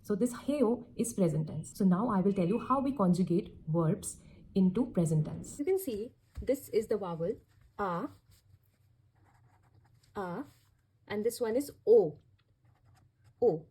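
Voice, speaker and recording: A woman's voice: mid-range voice, expressive, brisk, warm tone, husky. A woman teaching a language lesson, explaining patiently and repeating each step.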